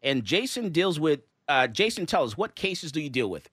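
A man's voice: a little high, moderate pace, slightly rough, no room sound, studio quality. A man hosting a casual talk show, telling stories with acted-out quotes and frequent laughs. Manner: animated storyteller, acts out quotes, laughs often. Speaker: host and handgun license instructor. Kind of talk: casual talk radio chat.

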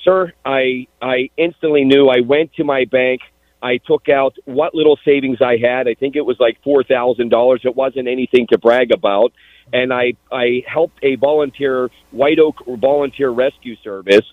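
A man, calling in to recall his time as a rescue volunteer, halting and tearful, repeating words as he speaks. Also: medium pitch, fairly even intonation, dry recording. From Pittsburgh, USA. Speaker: caller, former EMT volunteer. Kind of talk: emotional phone-in recollection. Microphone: telephone. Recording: tinny phone line.

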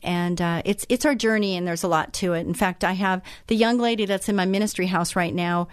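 A woman's voice: fairly low pitch, steady tone, a little fast, clean tone, dry recording, clean studio sound. A middle-aged woman hosting a radio talk show, chatting casually with many fillers and restarts.

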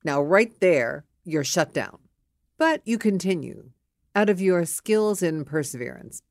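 A middle-aged woman host giving a frank monologue, candid and animated, who acts out both sides of a scene. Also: lowish voice, a little slow, no room sound.

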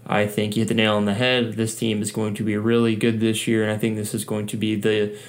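Male podcast co-host, lowish voice, easygoing casual chat. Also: completely flat delivery, fairly quick.

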